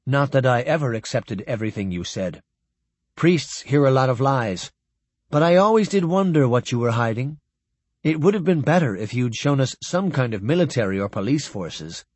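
A man voicing a sad, measured male priest who reasons carefully. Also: medium pitch, animated, darkish tone, no room sound, close to an everyday voice.

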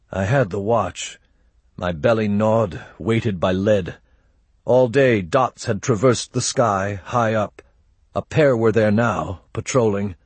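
A man narrating an audiobook in a measured, steady storytelling voice. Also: lowish voice, breathy edge, no room sound. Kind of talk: scripted narration.

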